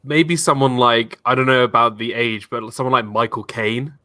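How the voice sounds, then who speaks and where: A man's voice: mid-range voice, steady tone, moderate pace, bright, forceful tone, no room sound, clean studio sound. A man joining a video call as a guest, joking with the others. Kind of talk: casual video chat.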